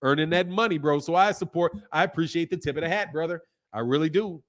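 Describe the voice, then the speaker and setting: A high-voiced boxing channel host talks fast on a casual livestream, reading viewer comments aloud and answering them bluntly. His replies come with profanity, laughter and animated asides.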